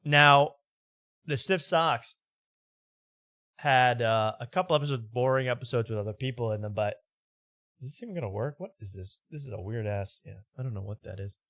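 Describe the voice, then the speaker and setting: A man hosting a late-night comedy show, riffing in loud, rambling, jokey rants. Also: medium pitch, normal speed, dry recording, clean studio sound. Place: studio.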